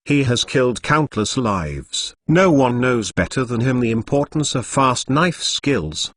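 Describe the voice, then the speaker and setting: A computer-generated man's voice narrates a martial-arts novel, reading every punctuation mark aloud as if it were text. His pitch rises and falls widely from phrase to phrase, and the sound is close and completely dry. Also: fairly bright tone, no echo. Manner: reads punctuation aloud, like "exclamation mark" and "dot dot dot". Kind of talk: machine-read novel narration.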